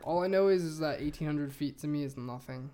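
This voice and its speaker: A man co-hosting a podcast in relaxed, teasing banter with plenty of swearing, on a podcast microphone. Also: fairly high pitch, a little fast. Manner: laid-back, teasing, profane. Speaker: podcast co-host. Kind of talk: casual chat.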